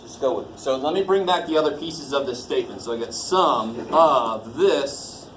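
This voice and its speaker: A man's voice: medium pitch, lively intonation, moderate pace, fairly bright tone. A man teaching a college math class in a casual, jokey way, swearing lightly and quizzing the students as he goes. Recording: echoey classroom with faint noise.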